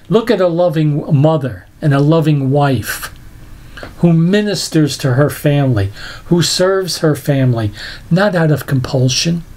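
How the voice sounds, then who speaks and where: A man's voice: on the high side, darkish tone. An older man preaching a sermon, telling stories with laughs and emphatic repeats. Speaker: pastor.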